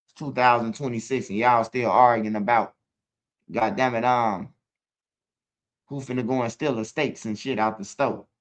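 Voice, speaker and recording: A man's voice: mid-range voice, fairly even intonation, moderate pace, pauses often. A man with a Chicago accent hosting his own channel, telling rambling, profane stories and talking straight to his viewers. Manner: profane, rambling, fills lines with "bro"; talks straight to viewers, asks for comments. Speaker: channel host. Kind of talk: casual storytelling monologue.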